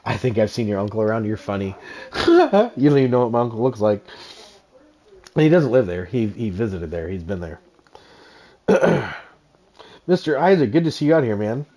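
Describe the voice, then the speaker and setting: A man's voice: fairly low pitch, big pitch swings, moderate pace, long pauses, warm tone. A man hosting a casual livestream, chatting with viewers and explaining his gameplay while laughing often. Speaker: streamer.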